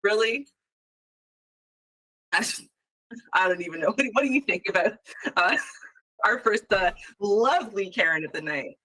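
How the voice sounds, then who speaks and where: A woman co-hosting a casual commentary show, chatting in an animated way full of rhetorical asides. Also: medium pitch, normal speed, long pauses, rough recording. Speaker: show co-host.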